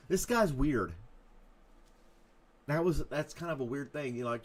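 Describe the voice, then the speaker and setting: A man's voice: on the high side, unhurried, pauses often. A man hosting a live casual chat show, joking around and often laughing at his own bits. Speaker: host.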